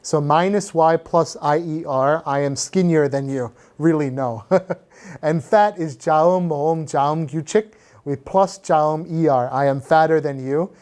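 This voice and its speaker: A man's voice: on the high side, fairly quick, darkish tone. A man reviewing English grammar for a class, patiently explaining rules with many fillers and switching into Korean. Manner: frequent filler sounds. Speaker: English teacher.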